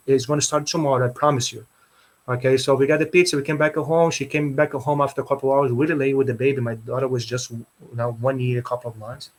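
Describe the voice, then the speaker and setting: Interview guest, male, earnest, keeps restarting, medium pitch. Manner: earnest, repeats "okay" and restarts often. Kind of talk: personal story in an interview.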